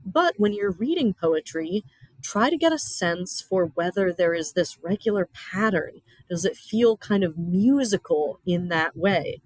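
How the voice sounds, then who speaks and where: A woman teaching a recorded lesson at an unhurried pace, walking through each idea patiently with everyday comparisons. Her voice sits close and dry with no room sound, and she leans on key terms to make them land. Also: lively intonation, a little mellow, no echo, low-quality recording. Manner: stresses key terms by slowing down and lifting pitch. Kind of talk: recorded classroom lecture.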